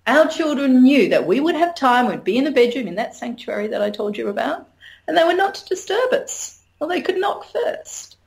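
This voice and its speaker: A woman's voice: sits high, sing-song, normal speed, creaky. A middle-aged woman, talking frankly as an interview guest and laughing often. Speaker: interview guest, sex educator. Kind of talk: candid conversational interview.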